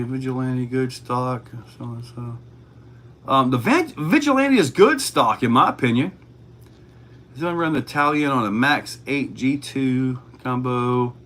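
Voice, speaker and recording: A man's voice: mid-range voice, a bit bright. A man hosting a casual livestream, reading chat questions aloud and answering in a laid-back way.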